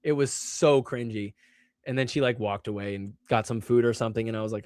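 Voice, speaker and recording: A man hosting a show, telling stories in a casual way with lots of "like", animated and poking fun at himself. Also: mid-range voice, normal speed, dry recording, clean studio sound. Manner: animated, self-mocking, heavy use of "like". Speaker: show host. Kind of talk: casual solo storytelling.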